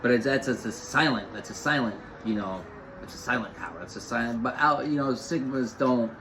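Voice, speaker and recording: A man's voice: mid-range voice, brisk, noisy background. A man giving an off-the-cuff spiritual talk, rambling and repeating phrases with lots of fillers. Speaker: spiritual host.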